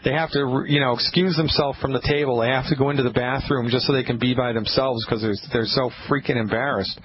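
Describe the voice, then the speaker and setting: A man's voice: medium pitch, steady tone, brisk. A man hosting a radio call-in show, talking casually and emphatically, often restarting his sentences. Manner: emphatic, rambling, with frequent restarts. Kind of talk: casual call-in advice talk. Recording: muffled lo-fi radio broadcast with faint hiss.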